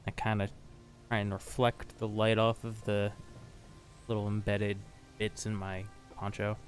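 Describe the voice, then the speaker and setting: A man's voice: on the low side, flat delivery, measured pace, soft background music. A man playing in a tabletop game, talking in a sly, boastful way. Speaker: player.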